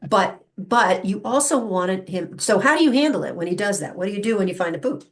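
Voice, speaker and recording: A woman's voice: mid-range voice, a little fast. A woman explaining how dogs read people, in a conversational style. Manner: acts out dog and owner voices, animated. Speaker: animal communication guest.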